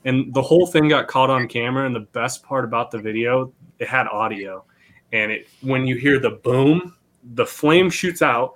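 A man's voice: mid-range voice, moderate pace, fairly bright tone. A man telling a rambling, profane story in casual podcast chat, laughing as he goes. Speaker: podcast co-host.

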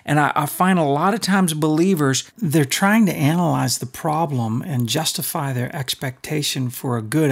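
Gravelly man teaching faith with storytelling. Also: medium pitch. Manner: animated, preacher-like, acts out stories. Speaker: podcast co-host.

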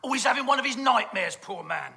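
A man's voice: very high voice, expressive, fast talker, creaky, bright, forceful tone, a little hiss or hum. A man with a British accent doing a camp, gossipy stage comedy monologue full of innuendo. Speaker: comic performer.

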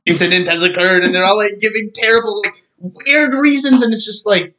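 A man with a slightly high voice argues his case in a casual film chat, pushing back and pressing each point. The recording sounds dull and lo-fi. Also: moderate pace, pushed and bright. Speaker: podcast co-host.

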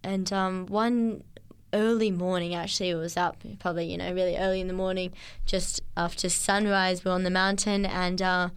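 A woman recounts her experience in an interview, earnest and halting, often restarting her sentences. Her voice sits on the low side. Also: little pitch movement, smooth. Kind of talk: testimony interview.

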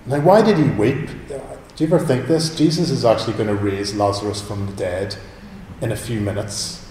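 Man, sermon, chatty and animated, big reverberant hall, faint ambience. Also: fairly low pitch, moderate pace, slight background noise. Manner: conversational, animated preaching with rhetorical questions. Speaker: preacher. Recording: echoey hall with long reverb.

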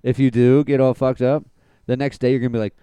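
A young man in a relaxed podcast chat, with a mellow, smooth and resonant voice recorded close and dry. He rambles through stories, fills them with "like", and answers his friend earnestly and kindly. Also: medium pitch, quick pace, no echo. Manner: rambling storyteller, earnest, reassuring, laughs easily. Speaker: podcast co-host. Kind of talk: casual chat.

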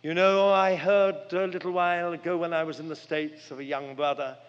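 Older male preacher, higher voice, earnest dramatic storytelling, long hall echo, muffled recording. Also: steady tone, a little fast, clear, resonant tone. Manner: earnest, dramatic storytelling with wide swings of pitch and loudness. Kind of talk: sermon. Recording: long hall reverb, dull lo-fi sound.

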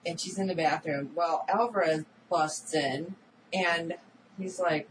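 A woman co-hosting a casual recap chat about a TV episode, animated and acting out characters' lines. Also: lowish voice, unhurried. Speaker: podcast co-host. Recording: distant mic with audible background noise.

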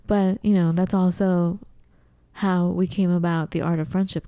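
A woman co-hosting a casual chat, animated, often acting out her own confused reactions in a high voice. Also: normal speed, no echo, studio quality. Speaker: podcast co-host.

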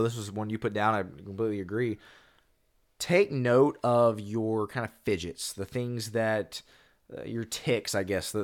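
A man co-hosting a casual podcast, upbeat and agreeable, leaning on fillers like "like.". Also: lowish voice. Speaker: podcast co-host.

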